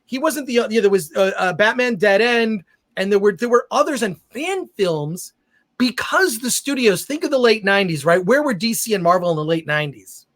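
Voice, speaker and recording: Man, podcast host, high voice, chatty and rambling. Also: animated, brisk, fairly bright tone. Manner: chatty, rambling with frequent fillers. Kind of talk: casual podcast chat.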